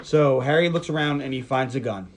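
A man's voice: medium pitch, fairly quick, crowd noise. A man co-hosting a podcast, casually retelling a movie's plot and acting out the lines. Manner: retells the plot with animated quoted voices. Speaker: podcast co-host. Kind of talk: casual movie recap chat.

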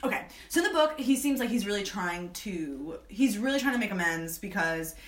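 A woman co-hosting a podcast in casual chat, animated and laughing, acting out lines from a book and movie. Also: medium pitch, a little fast, roomy sound. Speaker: podcast co-host.

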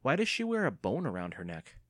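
A man's voice: medium pitch, huge pitch swings, a little fast, dry recording, studio quality. Andy, a bold young girl, voiced by a man. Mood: eager.

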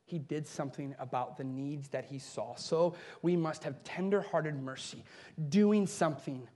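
Taking an unhurried pace, a male pastor delivers a sermon that moves from raised, forceful moments to quiet, low stretches. He laughs lightly at his own side remarks.

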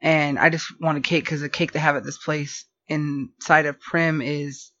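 A woman telling a rambling story in casual podcast chat, animated and full of fillers. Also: low-pitched, measured pace. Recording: dull lo-fi podcast audio.

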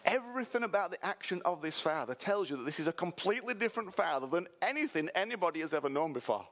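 A man preaching a sermon, telling a story lively while directing a volunteer. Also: high voice, quick pace. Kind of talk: sermon with live re-enactment.

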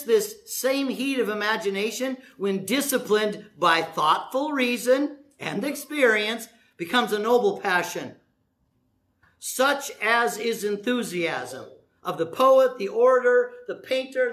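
A man preaching a lively, joking sermon, acting out short quotes as he goes. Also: very high-pitched, roomy sound. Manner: animated, jokey preaching with acted-out voices. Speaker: pastor.

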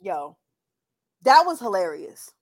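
A woman co-hosting a podcast in casual chat, giggly and animated, often breaking into exclamations. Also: medium pitch, takes it slowly, crowd noise. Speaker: podcast co-host.

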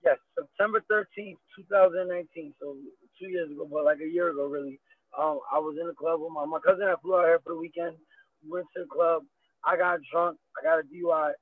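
Fast-talking man on a tinny line. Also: on the high side, steady tone, no room sound. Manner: earnest, rambling, repeats himself. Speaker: interview guest, fighter. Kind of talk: candid personal interview. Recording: dry, tinny phone-like line.

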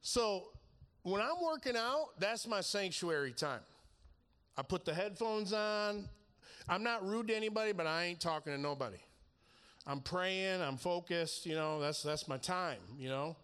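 A man with a fairly high voice tells stories in a loose, laughing sermon style. He acts out both sides of each conversation he describes. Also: a little slow, clean tone. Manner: animated, laughing storyteller acting out conversations. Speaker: preacher. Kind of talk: storytelling sermon.

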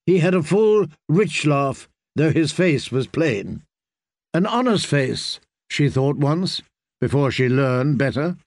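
A man narrating an audiobook in a measured, steady reading voice. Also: a little high, no echo, studio quality.

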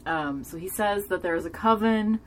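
A woman's voice: mid-range voice, normal speed, a little hiss or hum. A woman casually recapping a TV episode in a rambling way, hedging with lots of fillers and gushing over scenes she loves. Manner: gushing and enthusiastic; drinking beer while talking.

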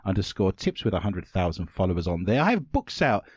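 Guy hosting a comedy podcast, really lively voice, dry dull sound. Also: sits low, brisk, slightly rough, no echo. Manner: playful, jokey, puts on silly accents. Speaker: podcast host.

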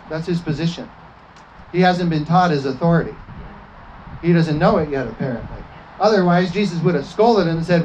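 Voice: medium pitch, brisk, pauses often, darkish tone, muffled recording, slight background noise. A preacher giving a fervent sermon, often asking the congregation for an amen and slipping into acted quotes.

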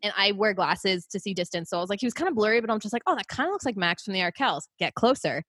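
A woman's voice: mid-range voice, animated, quick pace, fairly bright tone, breathy edge. A young woman from Canada hosting a podcast, telling stories in a rambling, casual way with many fillers and restarts. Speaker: podcast host. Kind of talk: casual chat.

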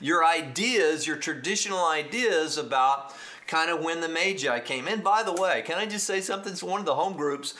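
A man with a Texas accent preaching a sermon, teaching in an animated, emphatic way with frequent restarts and asides to the congregation. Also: fairly high pitch, moderate pace, soft background music. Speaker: pastor.

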